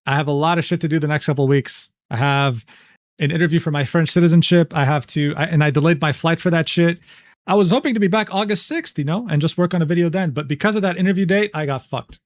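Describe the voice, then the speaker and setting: A man's voice: a little high, fast talker, no echo, studio quality. A man streaming casually, reading messages and screenshots aloud with profane, exasperated, sarcastic asides. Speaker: streamer reading drama documents. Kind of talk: casual livestream commentary.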